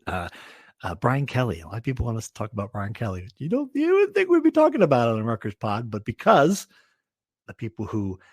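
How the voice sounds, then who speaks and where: Brief: male podcast co-host, lively pitch swings, dry close mic, jokey. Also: no room sound. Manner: animated, joking, quick interjections. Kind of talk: casual sports podcast chat.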